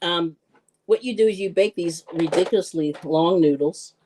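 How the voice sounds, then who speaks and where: A woman hosting a live-stream cooking show, chatting casually, laughing often and greeting viewers with excited squeals. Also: fairly low pitch, moderate pace, background noise.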